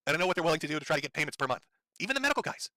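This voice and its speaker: A man ranting on a live stream, angry, profane and sarcastic, his throat strained from yelling. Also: on the high side, sing-song, very fast, no echo.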